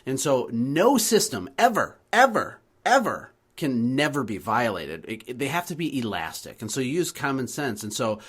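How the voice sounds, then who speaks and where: A man's voice: medium pitch, sing-song, moderate pace, few pauses, a bit bright, husky. A man hosting a podcast, speaking confidently and teacherly as a business coach. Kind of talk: coaching talk in a podcast conversation.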